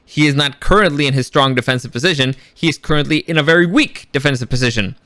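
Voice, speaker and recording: A man giving a casual, rambling review, sarcastic and quick to act out characters' lines. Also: fairly high pitch, pushed and bright, dry recording. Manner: frequent restarts and fillers, swears when annoyed. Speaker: YouTube reviewer.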